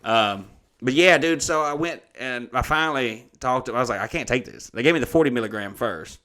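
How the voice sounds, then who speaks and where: Man, thirties, podcast co-host, rambling storyteller, profane, average pitch. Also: a little fast, bright, forceful tone. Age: 30s. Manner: rambling, profane, laid-back. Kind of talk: casual storytelling chat.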